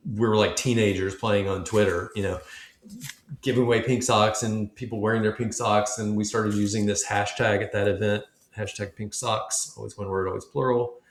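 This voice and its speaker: A man with a low, gravelly voice tells a story casually as a podcast guest, slipping into the voices of the people he quotes. He is recorded in a room with a noticeable echo. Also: normal speed. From Memphis, United States. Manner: animated storyteller acting out quoted dialogue. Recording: echoey room.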